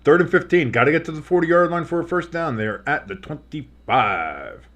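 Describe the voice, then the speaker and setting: This male sports streamer has a fairly high, slightly bright voice that is expressive and moves at a normal pace. Serving as play-by-play host on a live stream, he calls plays and rambles off into jokey chatter.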